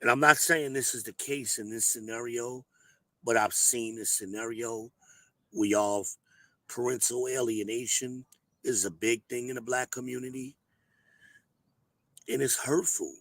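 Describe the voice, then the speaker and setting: A hoarse man, hosting an advice show and talking bluntly and emphatically. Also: mid-range voice, steady tone, unhurried, pauses often, a bit bright, no echo. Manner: emphatic, preachy, blunt with cursing. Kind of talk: casual advice monologue.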